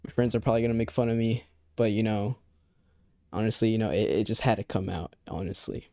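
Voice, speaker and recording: A man's voice: lowish voice, fairly even intonation, fast, dark tone, dry recording, studio quality. A young man telling a personal story in a loose, rambling way, swearing often and leaning on filler phrases. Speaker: vlogger. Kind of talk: casual storytime.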